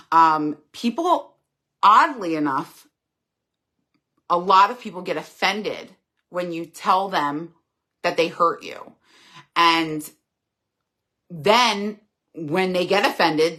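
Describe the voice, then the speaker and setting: Middle-aged woman on a live stream, reads comments and answers them straight up, bright clear voice. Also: on the low side. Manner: earnest and candid, reads comments aloud then responds. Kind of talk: casual live chat.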